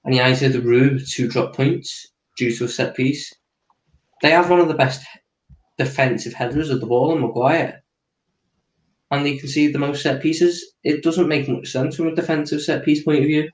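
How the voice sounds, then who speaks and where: A man's voice: a little high, fairly even intonation, moderate pace. Man breaking down football tactics, echoey. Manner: explanatory, walks through positions on a drawing. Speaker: tactics analyst co-host.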